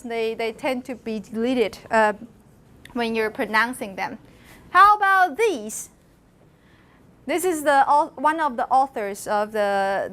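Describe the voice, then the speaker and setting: Middle-aged lecturer, female, high voice, lively, models sounds for her students. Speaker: university lecturer. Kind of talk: classroom lecture on phonology. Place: lecture classroom.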